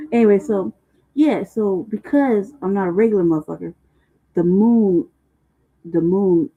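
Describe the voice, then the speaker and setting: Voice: mid-range voice, unhurried, pauses often, dark tone. A livestream host in casual, rambling talk, profane and loose with slang, often laughing. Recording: muffled phone-like livestream audio.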